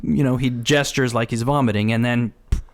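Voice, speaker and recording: A man's voice: medium pitch, fairly even intonation, fairly quick. A man co-hosting a podcast, chatting casually about a comedy film and retelling its scenes with many restarts. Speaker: podcast co-host. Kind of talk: casual chat reviewing a film.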